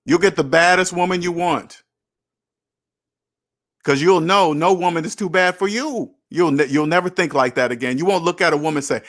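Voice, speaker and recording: A man's voice: fairly high pitch, fairly quick, a bit bright. A man in his thirties or older hosting a casual livestream, talking bluntly and preachily to viewers and swearing freely. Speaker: host. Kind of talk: casual livestream talk, reading and answering chat.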